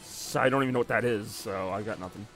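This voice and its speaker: This man live-streams a car soccer game with a lowish, fairly bright voice, talking fast. He rambles and jokes casually with viewers, answering chat between plays, while soft music plays behind him.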